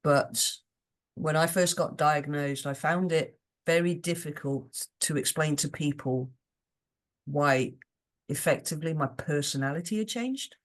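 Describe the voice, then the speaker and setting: A woman's voice: low voice, a little slow. British woman rambling on a podcast, earnest, keeps restarting her sentences. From United Kingdom. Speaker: podcast guest. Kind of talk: casual podcast chat.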